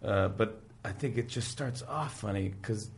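A middle-aged man in casual chat, animatedly retelling sitcom scenes and acting out the characters' lines in quick impressions. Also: on the low side, gravelly. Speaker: podcast guest, talk show host.

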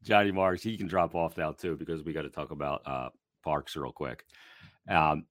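A man co-hosting a casual sports podcast, telling animated stories and laughing often. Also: very deep voice, moderate pace, no echo. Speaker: podcast co-host.

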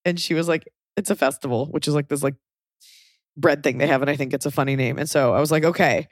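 Woman host, lower voice, dry studio sound, animated and wry. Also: quick pace, no echo. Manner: wry, animated storytelling with acted-out quotes. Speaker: podcast host. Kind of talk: casual chat.

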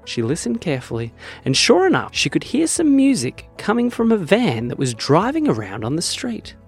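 Animated man narrating a bedtime-style kids' story, pitch swinging widely. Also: moderate pace, creaky, husky, faint music behind. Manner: animated, expressive read-aloud.

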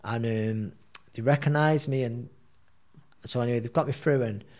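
A man, telling a story as a podcast guest in a rambling, animated way, full of fillers. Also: mid-range voice, moderate pace. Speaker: guest, boxer.

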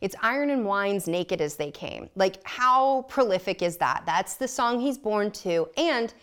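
A woman's voice: mid-range voice, lively intonation, unhurried, a bit bright, smooth. A woman guest on a podcast telling a personal story candidly, blunt and self-mocking, often laughing.

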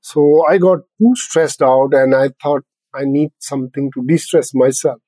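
A man's voice: medium pitch, steady tone, normal speed, dark tone, no echo, low-quality recording. An older man, a guest on a podcast interview, who explains things simply and laughs often. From India. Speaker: laughter yoga founder, guest.

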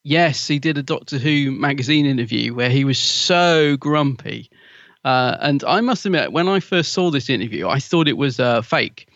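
A man's voice: medium pitch, animated, moderate pace, fairly bright tone, no room sound, lo-fi sound. A man co-hosting a podcast, chatty and gossipy, often laughing as he talks. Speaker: podcast co-host. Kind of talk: casual chat.

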